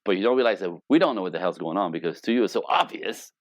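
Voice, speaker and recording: Lively, low-voiced man coaching couples. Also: rapid-fire, dry recording. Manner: animated, joking storyteller who acts out quoted dialogue. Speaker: relationship coach. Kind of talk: casual interview chat.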